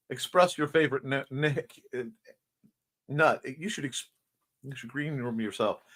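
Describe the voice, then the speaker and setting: Hosting a laid-back livestream morning show, a man with a medium-pitched, slightly bright voice plays around while reading out viewer comments and answering them, bouncing from one topic to the next in a chatty style.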